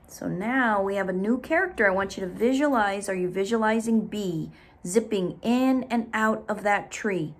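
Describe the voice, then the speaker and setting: A woman teacher recording a reading lesson, explaining things deliberately and reading a story aloud. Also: medium pitch. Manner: slow, deliberate, instructive.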